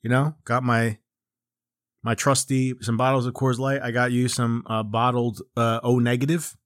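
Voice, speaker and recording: A man's voice: medium pitch, little pitch movement, normal speed, no room sound, clean studio sound. Rambling, profane man in his forties. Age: 40s. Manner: rambling, profane, self-mocking, with lots of restarts and riffs. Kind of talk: comedic casual chat.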